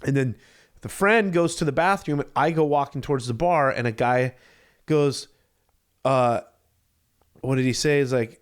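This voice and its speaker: A man in his thirties tells a story as a podcast co-host, his voice sitting at an ordinary middle pitch. He acts out the people in the story with lively quoted voices. The delivery is casual and chatty. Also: moderate pace, long pauses, clear, resonant tone. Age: 30s.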